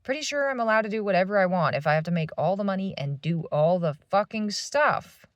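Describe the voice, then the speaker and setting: A woman's voice: mid-range voice, lively intonation, brisk, no room sound. A woman in her thirties venting in a rambling, swearing monologue from a parked van. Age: 30s. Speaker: vlogger.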